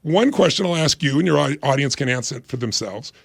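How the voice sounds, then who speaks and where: Brief: fast-talking man in his sixties, gravelly voice, energetic interview guest, dry sound. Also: mid-range voice, no echo. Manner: energetic, emphatic, acts out quoted voices. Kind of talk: motivational interview talk.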